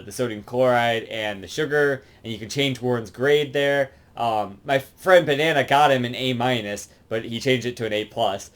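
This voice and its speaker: A man's voice: medium pitch, fairly bright tone, low-quality recording. Rambling man reviewing a game. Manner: rambling, lots of filler and swearing. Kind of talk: casual game review commentary.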